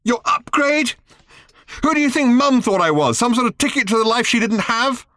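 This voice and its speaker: A man raising his voice high to play a sullen, explosive young girl in an audiobook, shrieking her accusations far above a normal speaking pitch. She veers wildly between sulky questions and shouted outbursts. Dry, close sound. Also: animated, normal speed, no echo, full character voice. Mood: accusing.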